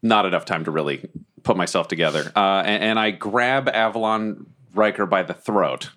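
A man playing a tabletop game, talking animatedly and stumbling over his words when excited. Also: low-pitched, normal speed. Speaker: player.

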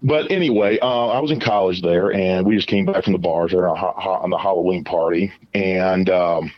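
Male caller, very low voice, halting and rambling, dull lo-fi line. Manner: halting, filler-heavy, repeats words. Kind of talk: casual confessional storytelling. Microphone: phone call.

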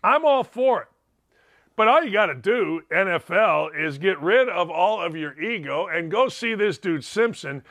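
A man's voice: sits high, expressive, a little slow, a bit bright. A man hosting a podcast, giving a combative, sarcastic opinion monologue. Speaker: host.

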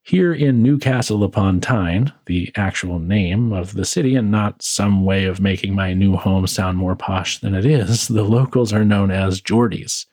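A podcast host, tired from working late, reads his own reflective script, a philosophical monologue with wry, dry asides. His voice is on the low side with a darkish tone, unhurried with few pauses, and there is no room sound.

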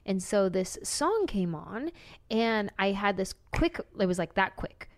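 A woman's voice: mid-range voice, sing-song, a little slow. Woman, podcast guest, reflective, emotional, slips into a near whisper, easy laughter. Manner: laughs easily. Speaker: guest comedian. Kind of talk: casual podcast chat.

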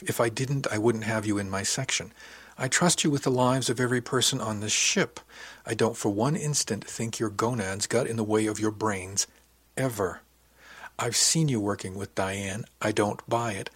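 A man voicing a woman who leads a ship section, gentle but blunt, with a dry sense of humor. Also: on the low side, slightly rough. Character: female section chief, firm and caring.

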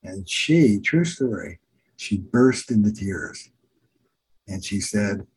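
A man's voice: on the low side, animated, slow pace, slightly rough, poor audio. An older man, a family therapist, telling case stories in an earnest, emphatic teaching manner. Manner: earnest, emphatic teacher repeating key phrases. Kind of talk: storytelling in a podcast interview.

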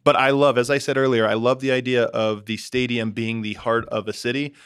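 A man, a guest on a talk show, giving his opinions with clear enthusiasm. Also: medium pitch, flat delivery, brisk, a bit bright.

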